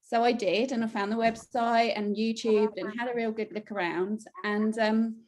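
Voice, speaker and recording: A woman's voice: fairly even intonation, normal speed, a little mellow. Chatty woman telling her story. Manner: chatty, acts out her own quoted remarks in a higher voice. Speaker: newly trained children's relaxation coach. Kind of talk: casual interview chat.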